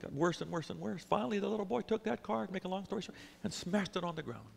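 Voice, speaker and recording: A male pastor tells a story in an animated way during a sermon. His voice is high and gravelly, with a sharp brightness. A long reverb trails after each phrase. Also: fast, slight background noise. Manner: animated, acts out the characters in the story.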